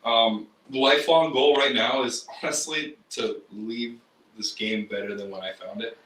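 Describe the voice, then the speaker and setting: A man's voice: mid-range voice, steady tone, normal speed, a bit bright, roomy sound, recorded from a distance, slight background noise, low-quality recording. A man from Canada, a baseball player and teacher, answering interview questions earnestly and reflectively, with frequent ums.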